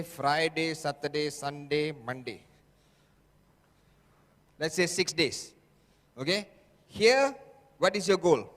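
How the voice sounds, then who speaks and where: Casting: emphatic sales trainer, man with a high voice, long hall echo. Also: fairly bright tone. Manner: emphatic, repetitive, constant "okay?" checks with audience. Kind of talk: motivational seminar talk. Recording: echoey hall.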